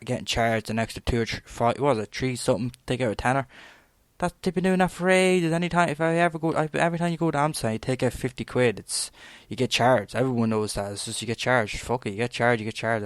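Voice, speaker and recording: A man's voice: mid-range voice, no room sound. A young Irish man in his twenties, hosting a podcast and ranting bluntly in a rambling monologue, swearing freely and peppering his talk with "like.". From Ireland. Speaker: podcast host.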